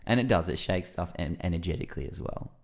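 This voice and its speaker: A man's voice: deep voice, quick pace. A man guesting on a podcast, telling stories in a loose, rambling way with lots of fillers, and acting out his own reactions. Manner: lively storyteller who acts out his own reactions. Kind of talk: casual conversational storytelling.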